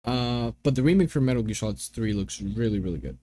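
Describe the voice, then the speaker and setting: A man's voice: medium pitch, animated, fast talker, dark tone. Young guy streaming games, rambly and fed up, lots of ums. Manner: rambling, exasperated rants with filler words. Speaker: gaming streamer. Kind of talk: casual chat.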